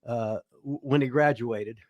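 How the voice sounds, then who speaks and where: A man's voice: mid-range voice, a little slow, a little mellow, no room sound, lo-fi sound. A man in his seventies from Indiana, hosting and telling rambling, profane stories from his past. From Indiana, USA. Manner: profane, rambling anecdotes full of restarts. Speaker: show host telling stories. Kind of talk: casual storytelling chat.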